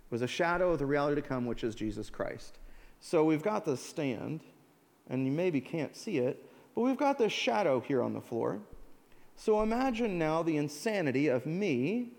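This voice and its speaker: Animated pastor preaching in a reverberant hall. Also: male voice, a little high, normal speed, gravelly. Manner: animated storytelling, acts out voices in anecdotes. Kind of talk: sermon. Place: church sanctuary.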